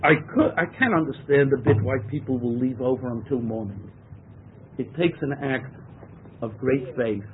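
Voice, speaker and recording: A man teaching a Torah class, translating verses phrase by phrase and stressing key words. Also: medium pitch. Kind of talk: text-study lecture. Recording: tinny phone-like lecture recording.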